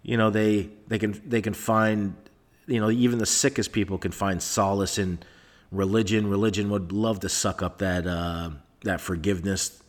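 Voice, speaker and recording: A man's fairly low voice, flat in delivery and at normal speed, carries a rambling solo podcast. As host, he's sarcastic and swears freely, using a microphone into a laptop inside a soundproofed room.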